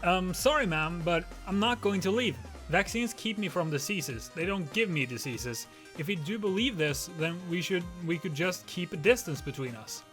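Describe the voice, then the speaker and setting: A man voicing a calm fifteen-year-old boy who answers an angry shopper with dry comebacks. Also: sits high, normal speed, soft background music.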